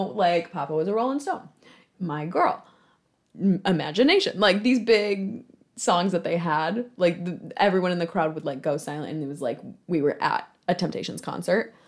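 A woman's voice: lowish voice, animated, moderate pace. A young woman from Michigan in her twenties, chatting casually in a rambling way about her work in theater, full of fillers and self-mocking laughs. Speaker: theater marketing worker. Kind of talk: casual storytelling monologue.

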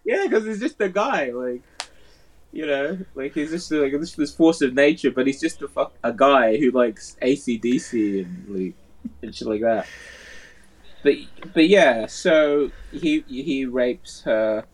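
A man's voice: medium pitch, measured pace, slightly rough, rough recording. Man reading a true-crime passage aloud. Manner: reads passages in a plain, steady way, stumbling over words.

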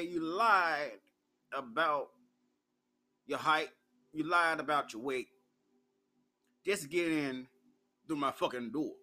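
This is an uncensored solo monologue from a brash, fairly high-voiced man from Memphis, US, who runs his own talk show. Swearing without restraint and laughing often, he spins his stories loudly and bluntly, holding nothing back.

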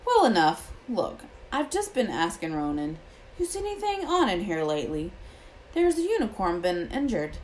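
A woman voicing a huge, gruff male gamekeeper in a storybook reading, brusque and rustic in manner. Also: medium pitch, wildly swooping pitch, moderate pace, a little mellow, a little hiss or hum, low-quality recording. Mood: gruff impatient.

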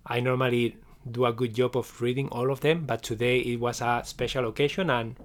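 A man hosting a live session as a meditation teacher, speaking gently and encouragingly, often checking in with "okay?" and restarting his phrases. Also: mid-range voice, steady tone, brisk. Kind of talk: live stream closing talk.

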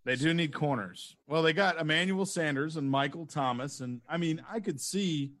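A man with a slightly high voice chats casually on a sports panel. He is playful and tosses in jokey nicknames. His voice sounds dry and close to the mic. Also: normal speed, a bit bright, dry recording.

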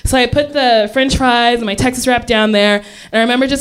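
A woman's voice: a little high, fairly even intonation, fast, few pauses, clear, resonant tone. A woman telling a funny story on stage, often breaking into laughter as she talks. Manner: laughs often while talking. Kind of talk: comedic storytelling.

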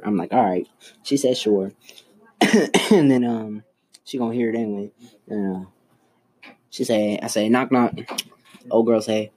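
A young man telling jokes in casual slang, loud and animated, teasing his friends. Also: on the low side, measured pace, long pauses, a little hiss or hum, rough recording. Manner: loud, animated storytelling with slangy trash talk. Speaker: joke teller.

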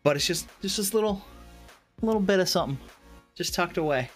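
A man chatting casually on a podcast, rambling through a story with restarts and fillers. He leans into it with laughter and mimics people in squeaky voices. Faint music plays underneath. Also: a little fast. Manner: animated storyteller, acts out characters in high put-on voices, laughs often. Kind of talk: casual chat about video games.

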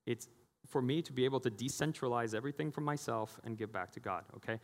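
A man's voice: mid-range voice, fast talker. A middle-aged man preaching a sermon as pastor, conversational and jokey, acting out the voices he quotes. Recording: long hall reverb.

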